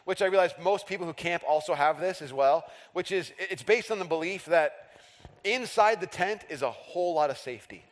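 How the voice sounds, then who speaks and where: A man in his thirties delivering a sermon with a fairly high, light voice. He tells humorous, self-deprecating stories from his own life. His voice rings with the long reverb of a large hall. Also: a little fast. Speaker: pastor.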